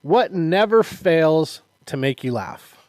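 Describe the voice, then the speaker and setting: A man with a fairly high voice tells a funny story on a casual podcast. He acts out the quotes and laughs as he goes. His voice sounds dry and close to the mic. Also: expressive, takes it slowly, darkish tone, no echo. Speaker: podcast co-host, martial arts instructor. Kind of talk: casual chat.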